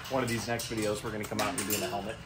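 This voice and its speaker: A man's voice: on the low side, level tone, very fast, loud music behind the voice. A man chatting easily as a guest in a vlog, joking about the birds. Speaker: guest from a bird care company. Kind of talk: casual chat.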